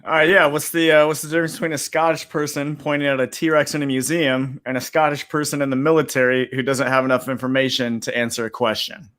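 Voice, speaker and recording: Brief: man, mid pitch, bright tense tone, rambling joke setups. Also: flat delivery. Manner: rambling setups with filler pauses. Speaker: pun contestant. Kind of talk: comic storytelling.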